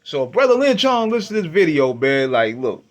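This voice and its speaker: A man hosting a radio show, casually retelling his first listen to an album, with an animated, profane, laughing delivery. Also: fairly high pitch, brisk. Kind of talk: casual storytelling album review.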